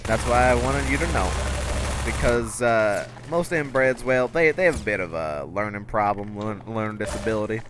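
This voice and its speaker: A man voicing a blunt, rambling rural father in a put-on Southern accent, halting and repeating himself. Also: on the low side, expressive, background noise, lightly acted. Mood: matter-of-fact. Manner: halting, repeats words, drawling.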